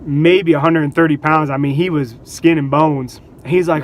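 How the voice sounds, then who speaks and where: A man vlogging, telling casual stories in an animated way, laughing between anecdotes and acting out what people said. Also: a little high, normal speed. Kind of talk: casual storytelling.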